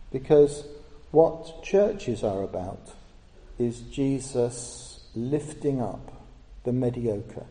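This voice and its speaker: Earnest preacher in an echoey hall. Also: male voice, medium pitch, dark tone. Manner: earnest, emphatic, rising on key words. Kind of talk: sermon. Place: church.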